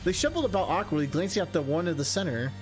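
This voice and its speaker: A streamer reads a game's narration aloud with a lively, bouncing voice. They break into laughs and chatty side comments between passages. Faint game music plays underneath. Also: medium pitch, quick pace. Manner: laughs often, chatty asides. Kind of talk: reading narration with live commentary.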